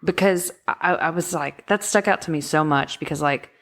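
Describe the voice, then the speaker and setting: A woman's voice: low voice, moderate pace, a bit bright. A young woman from rural Texas, co-hosting a podcast and chatting casually about a film, giggly and prone to trailing off. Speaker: podcast co-host.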